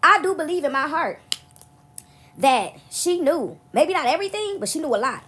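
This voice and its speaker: A woman's voice: high voice, normal speed. A woman talking casually to her viewers in a rambling, frank monologue, often checking in with "right?". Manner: rambling storytelling, keeps asking "right?"; frank, animated venting.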